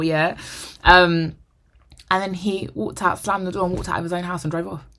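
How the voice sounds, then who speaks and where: Low, gravelly young woman telling a story. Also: moderate pace. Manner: animated, acts out quoted dialogue; drops to a whisper for inner thoughts. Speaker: vlogger. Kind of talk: storytime monologue.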